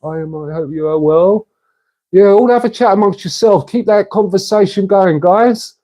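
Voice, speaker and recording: Male streamer, relaxed warm voice, casual chatty host. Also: sits high, moderate pace. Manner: chatty, matey, reads and answers comments. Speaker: livestream host. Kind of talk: casual livestream chat with viewers.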